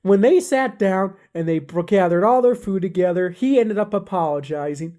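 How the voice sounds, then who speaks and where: A woman's voice: mid-range voice, normal speed, hardly any pauses, mellow. A woman telling a silly made-up story off the cuff, rambling and correcting herself as she goes. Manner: rambling, with restarts and fillers. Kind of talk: rambling improvised comic storytelling.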